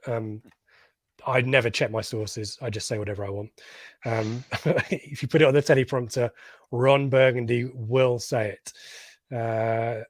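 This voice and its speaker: A man's voice: medium pitch, fairly even intonation, unhurried, dry recording, studio quality. A man from England hosting a live fan podcast, reading out viewer comments with jokey asides. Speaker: podcast host. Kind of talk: live reaction stream chat.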